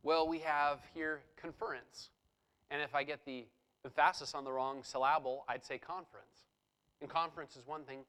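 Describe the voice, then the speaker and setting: A man's voice: fairly high pitch, level tone, brisk, few pauses, fairly bright tone, clean tone, poor audio. A man preaching a sermon, explaining a scripture passage verse by verse and reading passages aloud with rising intensity. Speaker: pastor.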